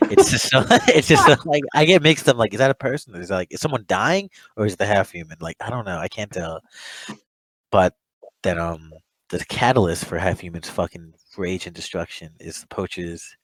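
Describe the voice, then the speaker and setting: A man's voice: low-pitched, expressive, fairly quick, fairly bright tone, no room sound, poor audio. A young man chatting casually as a podcast co-host, rambling, swearing often and laughing a lot. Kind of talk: casual chat.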